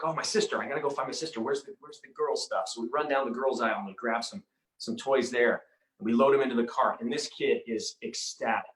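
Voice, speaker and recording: A man giving an inspirational talk, telling a personal story in an earnest, halting way with many repeated words. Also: on the low side, fairly bright tone. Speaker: inspirational speaker. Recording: roomy echo.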